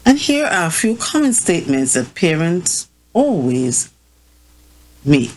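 A woman hosting a talk on parenting, reading prepared remarks in a measured way and sometimes correcting herself. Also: fairly low pitch, very animated, a little mellow, poor audio. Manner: slow, measured, with self-corrections. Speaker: host.

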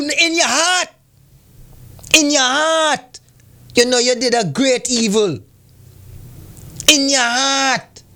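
High-voiced man scolding his listeners. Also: fairly bright tone. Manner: preachy, scolding, asks rhetorical questions. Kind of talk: impassioned community commentary.

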